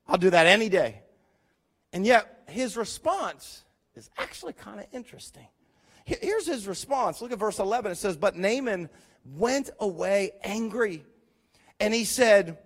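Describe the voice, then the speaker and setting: Lively high-voiced male preacher. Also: normal speed. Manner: animated storytelling, voicing characters, rising to loud emphasis. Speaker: pastor. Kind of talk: sermon.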